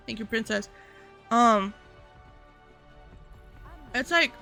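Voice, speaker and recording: Bright-voiced woman streamer chatting rambly. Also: a little high, wildly swooping pitch, drawn-out words, vocal fry, faint music behind. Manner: rambling, filler-heavy, addressing chat directly. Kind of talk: casual livestream chat.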